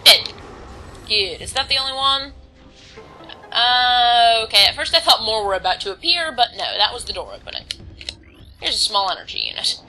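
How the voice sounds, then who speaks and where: A woman's voice: a little high, big pitch swings, moderate pace, long pauses, sharp tone, soft background music, rough recording. A woman casually commenting on her gameplay, reading on-screen text aloud and stumbling over words now and then. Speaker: let's play host.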